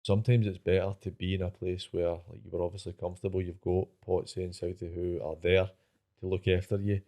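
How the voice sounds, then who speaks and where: A man co-hosting a podcast, chatting casually and asking quick questions. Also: sits low, level tone, mellow. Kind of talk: casual chat.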